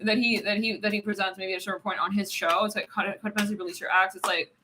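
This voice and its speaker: A woman's voice: medium pitch, flat delivery, racing, sharp tone, a little hiss or hum. A woman doing a live tarot reading, rambling and giggling, filling her talk with "it's like". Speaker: tarot reader.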